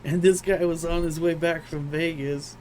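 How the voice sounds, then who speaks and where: A man's voice: on the high side, steady tone, normal speed, darkish tone, a little hiss or hum, poor audio. A young man co-hosting a podcast in casual chat, laid-back and calling everyone "dude". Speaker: podcast co-host.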